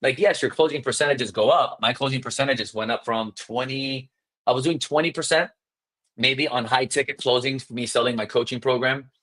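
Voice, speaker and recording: Upbeat male sales coach, quick and emphatic, mid-pitched, acts out phone scripts for trainees. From South Florida. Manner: energetic, fast, emphatic, demonstrates scripts. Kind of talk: live coaching session.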